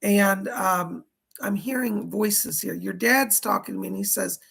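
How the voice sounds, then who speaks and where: A man hosting a live psychic reading stream. He sounds hoarse as he chattily relays spirit messages and thanks viewers by name. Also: sits high, a little slow, fairly bright tone. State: dry throat, hoarse.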